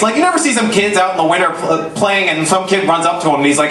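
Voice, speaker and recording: A man in his twenties doing a stand-up comedy set, self-mocking and punchy, dropping into low asides. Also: lively intonation, fast, hardly any pauses, a bit bright, distant mic. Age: 20s. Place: comedy club stage. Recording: echoey club recorded from afar.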